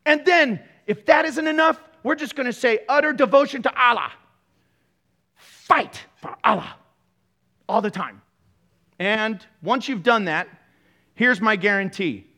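A man's voice: extremely high pitch, normal speed, pushed and bright. A man pastor giving a sermon, joking, laughing often and throwing sarcastic asides to the congregation.

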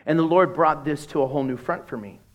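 A middle-aged man preaching a sermon as a pastor, telling humorous stories and acting out conversations in a lowered voice. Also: quick pace. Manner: animated, humorous storytelling that acts out dialogues in a lowered voice.

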